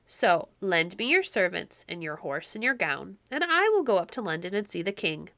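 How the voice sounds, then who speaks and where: A woman's voice: lowish voice, sing-song, moderate pace, bright, forceful tone, dry recording, full character voice. Woman doing a cheerful, clever shepherd. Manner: hearty, reassuring. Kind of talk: audiobook reading.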